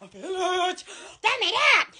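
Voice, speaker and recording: A woman, hosting an excitable, silly livestream that breaks into loud shrieks and laughter. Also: extremely high pitch, unhurried. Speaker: online shop seller on a livestream. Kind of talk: excitable livestream product chat.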